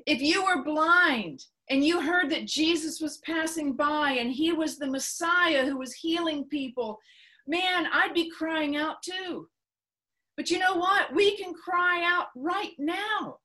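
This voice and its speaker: Woman preacher, high voice, unhurried earnest sermon delivery. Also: pushed and bright. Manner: earnest, repeats phrases, slows for emphasis. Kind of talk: sermon teaching.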